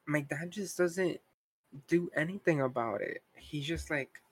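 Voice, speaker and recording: A man's voice: fairly high pitch, a little slow, breathy edge. A young man co-hosting a podcast, talking in a casual, frustrated rant full of "like" and asides. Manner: frustrated ranting, heavy use of "like". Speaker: podcast co-host. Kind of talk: casual chat.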